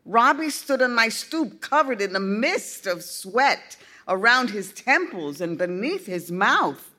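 A woman narrating a first-person story in a slow, deliberate storytelling manner. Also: on the high side, very animated, pushed and bright. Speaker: audiobook reader.

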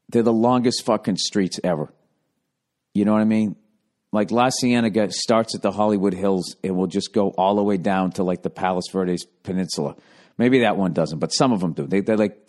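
A man hosting a podcast alone, telling a long story in a rambling, swearing way and now and then jumping up into high, mocking impressions of other people. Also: a little mellow. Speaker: podcast host. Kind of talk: casual storytelling monologue.

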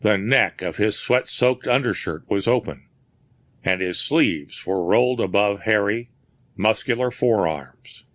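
A man narrating a mystery story in a measured, deliberate way. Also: lowish voice, fairly bright tone, dry recording. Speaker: audiobook narrator. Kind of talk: scripted narration.

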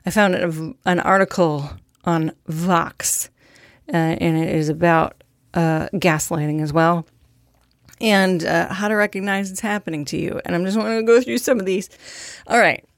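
A woman's voice: on the low side, measured pace, no room sound, studio quality. A young woman hosting a podcast in a casual monologue, candid and profane, with a self-deprecating streak. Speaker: podcast host.

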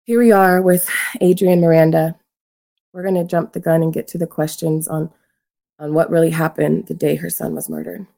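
A woman's voice: low voice, fairly even intonation, normal speed, vocal fry, warm tone. A woman hosting a show, introducing a guest and earnestly urging listeners to act. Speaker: podcast host.

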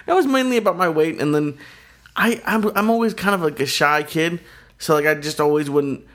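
A man's voice: on the high side, brisk, fairly bright tone. A man talking casually and hesitantly as a podcast guest, full of restarts. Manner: hesitant, many fillers and restarts. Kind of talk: casual chat.

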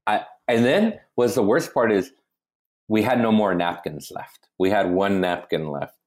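A male comedian telling a story in a casual chat, animated and full of swearing, often restarting his sentences. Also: on the low side, a little slow. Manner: animated, profane, keeps restarting. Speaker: comedian guest.

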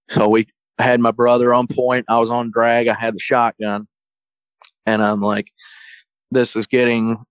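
A man telling a story in a folksy, colloquial way, getting animated when he quotes other people. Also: mid-range voice, dry recording, low-quality recording. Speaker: guest storyteller. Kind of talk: casual storytelling.

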